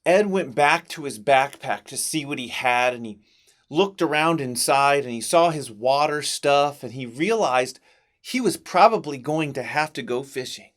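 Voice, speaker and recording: A man narrating a Bible story for children, telling it in a dramatic, expressive way with big swings in delivery. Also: medium pitch, unhurried. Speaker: children's ministry teacher.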